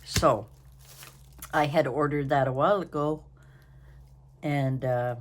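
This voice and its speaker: A woman's voice: low voice, steady tone, slow, slight background noise. An older woman hosting a casual crafting vlog from home, tired and yawning, chatting in a rambling, apologetic way. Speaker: craft channel host.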